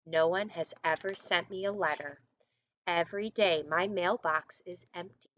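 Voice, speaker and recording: A woman's voice: fairly low pitch, moderate pace, fairly bright tone, highs cut off, lightly acted. A woman voicing a shy, gloomy male toad in a storybook read-aloud, speaking plaintively. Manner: plaintive, mopey storybook reading.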